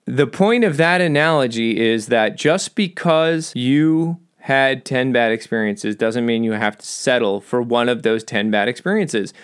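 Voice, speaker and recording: A man hosting a solo podcast in a rambling, self-mocking way, dropping into low mutters and jumping into high excited bursts. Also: smooth. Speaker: podcast host.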